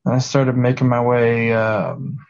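A man talks haltingly through a past-life regression, full of restarts and folksy, rustic turns of phrase. His voice sits at an ordinary middle pitch for a man. The recording is dull and somewhat lo-fi. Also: vocal fry, a little mellow. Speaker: podcast host in a regression session.

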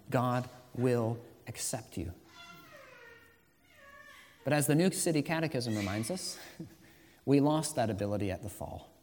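A man preaching a sermon as pastor, moving between quiet, slow emphasis and loud, rising exhortation. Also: medium pitch, very animated. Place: church sanctuary. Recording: long reverb of a church hall.

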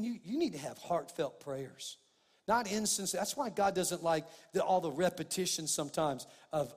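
A male preacher with a fairly high voice delivers an impassioned sermon, often repeating himself and growing louder as he drives a point home. His voice rings out with a long reverb, as if he were in a large church hall. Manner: fervent, rising in pitch and volume when stressing points; repeats and restarts phrases, addresses listeners as "man, guys".

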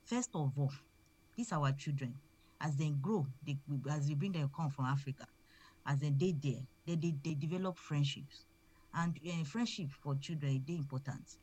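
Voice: mid-range voice, normal speed, darkish tone, slightly rough. A speaker with a Nigerian accent giving earnest advice to parents, often repeating words while building a point. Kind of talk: advice talk.

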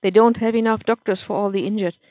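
A woman's voice: mid-range voice, fairly even intonation, quick pace, a little mellow, no room sound, lightly acted. A woman reading as a cold, matter-of-fact nurse. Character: indifferent hospital nurse, adult woman.

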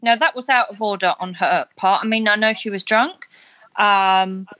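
A woman's voice: mid-range voice, steady tone, normal speed, fairly bright tone, no room sound. A woman co-hosting a podcast, chatting in a casual, opinionated and self-deprecating way about a reality show. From not Australia. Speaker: podcast co-host.

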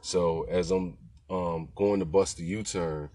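A man's voice: low voice, fairly even intonation, takes it slowly, warm tone. A man telling stories in a loose, slangy, conversational way, often checking in with the listener. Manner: laid-back slangy talk, keeps asking "you know what I'm saying". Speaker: podcast host telling rideshare stories. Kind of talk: casual storytelling.

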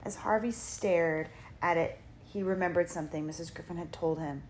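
A woman narrating a dark fantasy audiobook in a measured, dramatic storytelling manner. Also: lowish voice, a little hiss or hum. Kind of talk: scripted narration.

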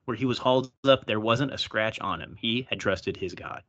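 A man co-hosting a casual Bible-study podcast, reading scripture aloud with drawn-out pauses and joking between passages. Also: fairly low pitch, a bit bright. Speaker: podcast co-host. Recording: dull lo-fi podcast sound.

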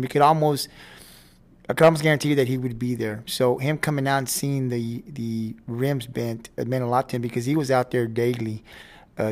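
A man co-hosting a podcast who breaks in with a casual aside, halting and full of fillers. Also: mid-range voice, darkish tone. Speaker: podcast co-host. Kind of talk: casual chat.

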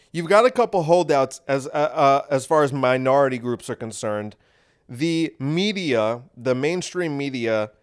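A man hosting a podcast, delivering a rambling sarcastic monologue with deadpan asides. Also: medium pitch, clean tone. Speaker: podcast host.

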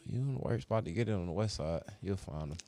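A man with a low voice joins a casual podcast chat. He chimes in with brief, slangy, teasing remarks. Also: animated, fast, warm tone. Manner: short teasing interjections, slangy. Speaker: podcast co-host.

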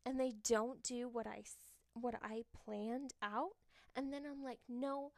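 A young woman hosts a podcast in a frank, laughing, storytelling manner and swears freely. Her voice sits a little high and carries a gravelly fry, and she takes her time. The recording is dry and close. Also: fairly even intonation, unhurried, darkish tone, no echo. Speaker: podcast host. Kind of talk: casual confessional chat.

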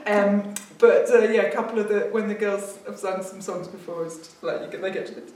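A woman's voice: medium pitch, steady tone, a little fast, a little mellow. A woman co-hosting a casual chat about auditions, with dry teasing humour and frequent giggles. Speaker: podcast co-host, theatre director. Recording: echoey room, far from mic, faint noise.

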